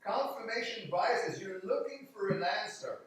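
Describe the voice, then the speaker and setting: A man's voice: sits high, lively intonation, normal speed, a bit bright. A man in casual conversation, talking in an emphatic, skeptical way and acting out what other people say. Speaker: conversation partner. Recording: very echoey room, voice from far off the mic.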